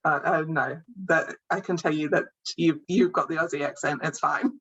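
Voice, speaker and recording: A woman's voice: low voice, expressive, a little slow, fairly bright tone, slightly rough, muffled recording. A woman, co-hosting a podcast in rambling casual chat and giggling often. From New Zealand. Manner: giggly, rambling, self-interrupting. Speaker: podcast co-host.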